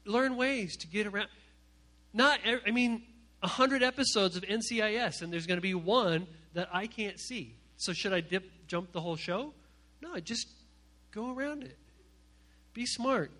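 A man preaching to a youth group from a stage, animated and joking as he acts out the voices of the people he quotes. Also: extremely high pitch. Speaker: youth pastor. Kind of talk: energetic comic sermon to a youth group. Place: stage before a live audience.

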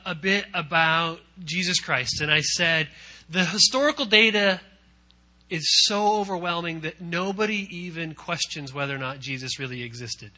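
A man preaching a sermon in a conversational way, swinging between hushed lines and loud emphatic ones, with repetition and asides. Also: on the high side, normal speed. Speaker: pastor.

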